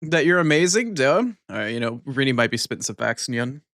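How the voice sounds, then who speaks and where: A man's voice: mid-range voice, expressive, fairly bright tone, dry recording. Male streamer, chatty and profane, dry booth-like audio. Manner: loose, swearing, ends lines with a cat-like "nyan" tic; talks while eating, mumbled and unhurried. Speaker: live streamer. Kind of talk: casual chat with viewers.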